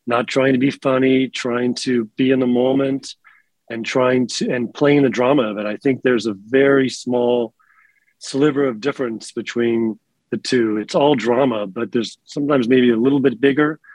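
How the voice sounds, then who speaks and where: A man answers interview questions over a video call. His middle-pitched voice is dry and close, with no room sound. He talks thoughtfully, trails off and restarts his sentences. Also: steady tone, moderate pace, darkish tone, no echo, low-quality recording. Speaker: actor.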